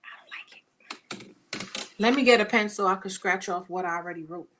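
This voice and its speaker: A woman giving a casual tarot reading, talking bluntly and profanely with animated storytelling. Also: mid-range voice, a little fast, a little hiss or hum. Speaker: tarot reader.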